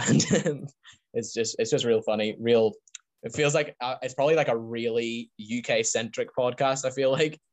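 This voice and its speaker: Male podcast host, mid-pitched, chatty and enthusiastic, rambles and laughs easily. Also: fairly even intonation, normal speed, a little mellow. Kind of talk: casual podcast chat.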